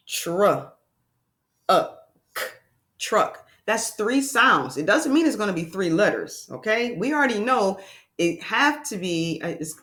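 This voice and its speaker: A woman's voice: medium pitch, fairly bright tone. A woman teaching a children's phonics lesson, sounding out words and asking encouraging questions.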